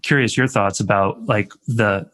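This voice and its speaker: A man co-hosting a podcast interview, talking slowly and searchingly with many pauses and ums. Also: lowish voice, fairly bright tone. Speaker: podcast co-host.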